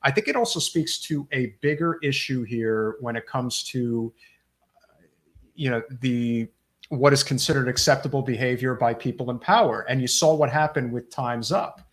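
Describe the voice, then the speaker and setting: A man's voice: mid-range voice, moderate pace. A man co-hosting a casual political talk show, speaking hesitantly with frequent restarts. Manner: hesitant, many fillers and restarts. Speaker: co-host.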